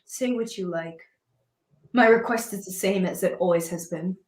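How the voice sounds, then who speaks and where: A woman's voice: mid-range voice, normal speed, roomy sound, close to an everyday voice. A woman playing a defiant young woman who answers firmly in a stage reading. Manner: firm, defiant.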